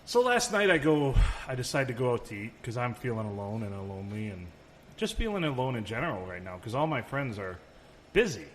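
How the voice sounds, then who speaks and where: A man's voice: medium pitch, sing-song, brisk. A man co-hosting a podcast in casual chat, telling rambling stories and swearing freely. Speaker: podcast co-host. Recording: long reverb, faint room noise.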